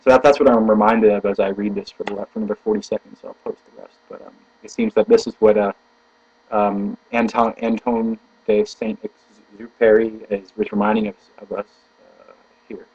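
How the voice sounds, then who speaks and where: A man with a husky, slightly breathy voice reads philosophy aloud with slow, deliberate emphasis, then drifts into halting, searching commentary. The recording is dull and lo-fi, with a faint mains hum under a dry, close sound. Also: on the low side, level tone, a little mellow, no room sound. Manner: halting, searching for words mid-sentence; slow, deliberate emphasis when reading passages. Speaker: video blogger reading philosophy aloud. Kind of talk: reading aloud then thinking out loud.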